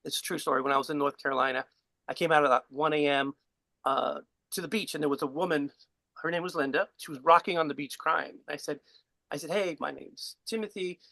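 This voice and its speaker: A man's voice: on the high side, fast talker, creaky, no echo, low-quality recording. A man on a video call giving a casual spiritual teaching, rambling and chuckling as he tells a story. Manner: relaxed, rambling, chuckles while telling. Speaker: guest speaker.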